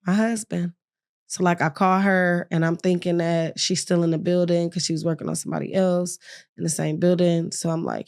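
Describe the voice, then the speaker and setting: A young woman with a slightly low voice tells a personal story as a podcast guest. She is frank and animated, and she slips into the voices of the people she quotes. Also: fairly quick, gravelly. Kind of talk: casual storytelling.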